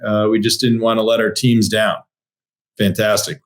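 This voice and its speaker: Male interview host, lower voice, brief affirmations, halting "uh"s while reading questions. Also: little pitch movement. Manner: short encouraging replies, hesitant fillers when reading questions. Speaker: podcast host. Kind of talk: casual interview hosting.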